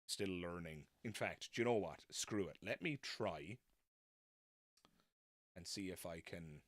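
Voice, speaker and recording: Deep-voiced man rambling on a live stream. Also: lively intonation, a little slow, no echo, clean studio sound. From not American. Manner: chatty, self-deprecating, tangent-prone. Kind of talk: casual rambling live chat.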